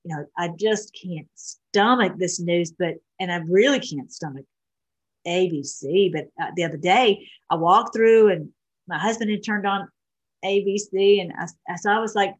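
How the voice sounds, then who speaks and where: A woman's voice: fairly low pitch, normal speed, breathy edge, poor audio. A middle-aged woman rambling through casual commentary as she reads posts aloud, with many restarts and fillers. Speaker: online show host.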